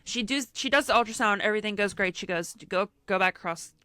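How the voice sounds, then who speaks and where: A young woman with a bright, forceful voice tells a story in casual podcast chat, slipping into quoted voices as she goes. Her sound is dry and close, with no room around it. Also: medium pitch, fast talker, no echo. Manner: animated storyteller acting out quotes, frequent "like". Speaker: podcast co-host.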